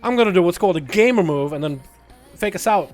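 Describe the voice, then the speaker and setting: Animated and speaking quickly, a young gaming streamer with a high, somewhat mellow voice chats casually over his livestream. He laughs a lot and swears casually, staying laid-back throughout, with quiet music in the background.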